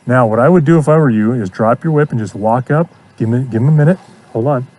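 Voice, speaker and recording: A man's voice: mid-range voice, quick pace, darkish tone. Encouraging male horse trainer coaching outdoors. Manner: encouraging, repeats praise. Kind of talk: hands-on coaching.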